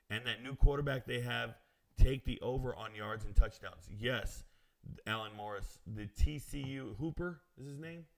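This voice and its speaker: A man's voice: medium pitch, creaky, fairly bright tone. A man hosting a live stream who reads out viewer comments and answers them in a brash, self-assured way, with casual slang and chatty asides. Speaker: sports betting show host.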